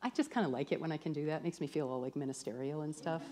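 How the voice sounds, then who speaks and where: Woman spiritual teacher with a lowish voice, chatty workshop style, casual and a bit irreverent. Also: racing, background noise. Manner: lively and chatty, with frequent "like" and the odd swear. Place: church workshop with a live audience.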